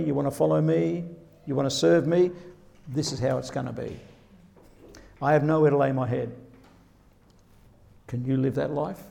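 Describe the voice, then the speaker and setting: A man preaching a sermon with a gravelly, dark voice. He talks earnestly and often voices quoted scripture figures, climbing higher and louder as he does. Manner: earnest, rises sharply when quoting.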